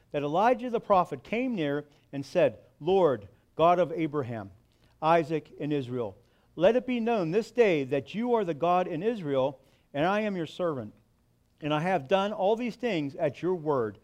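Higher-voiced preacher. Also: male voice, a little mellow. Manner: asks the listeners questions and answers them himself. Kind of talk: sermon, reading scripture.

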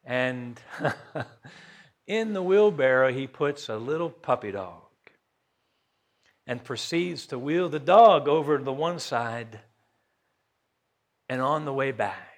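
A man preaching a sermon as pastor, folksy, questioning his congregation and rising to loud emphasis. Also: medium pitch, animated, measured pace, long pauses.

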